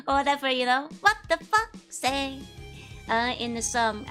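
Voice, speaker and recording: A woman's voice: high voice, animated, moderate pace, bright, forceful tone, soft background music. A woman, chatting casually with viewers on a live stream, giggling often while her voice is still recovering from illness. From Netherlands. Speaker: VTuber streamer.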